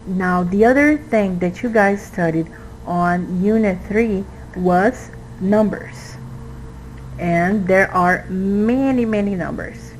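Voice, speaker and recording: A woman teaching an English exam review, speaking slowly and patiently and stressing syllables as she models words. Her first language is Portuguese. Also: medium pitch, a little mellow, a little hiss or hum, rough recording.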